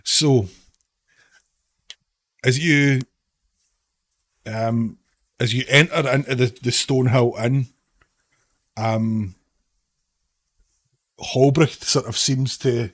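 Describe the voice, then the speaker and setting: A man's voice: mid-range voice, steady tone, extremely slow, long pauses, a bit bright, dry recording. A man narrating a tabletop game as game master in a casual, rambling way, full of fillers.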